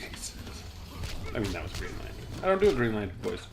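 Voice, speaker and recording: A man's voice: mid-range voice, animated, quick pace, a little mellow, a little hiss or hum. A man casually chatting and rambling about comics while reacting aloud to the video game he is playing. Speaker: gaming channel host.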